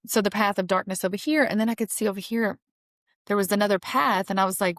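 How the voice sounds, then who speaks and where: A woman's voice: mid-range voice, fairly even intonation, brisk, no room sound, studio quality. A woman hosting a podcast, talking earnestly through a reflective spiritual monologue, repeating phrases for emphasis with light laughs. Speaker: podcast host.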